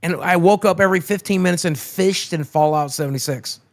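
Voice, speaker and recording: A man's voice: sits high, a little fast. A man co-hosting a live stream, talking casually, emotional and profane, short on sleep. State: sleep-deprived. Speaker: streamer co-host.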